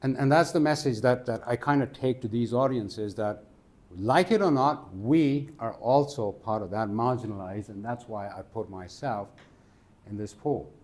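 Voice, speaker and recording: A man's voice: medium pitch, normal speed. Man, conference speaker, casual storytelling, mid-range voice, quizzes the audience. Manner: animated, asks the audience questions. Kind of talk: conversational storytelling talk. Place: conference stage.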